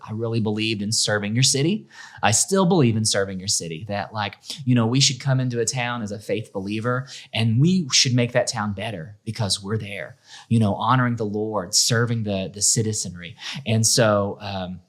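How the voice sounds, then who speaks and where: A middle-aged man, a school principal, telling his story in a relaxed interview, lively and full of restarts as he acts out what others said. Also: mid-range voice, fairly quick. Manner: animated, acts out quoted voices, many restarts. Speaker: school principal, podcast guest.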